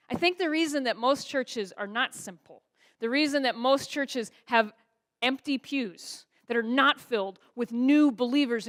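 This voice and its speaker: A woman pastor preaching a sermon in a church, asking the congregation rhetorical questions. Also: a little high. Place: church sanctuary.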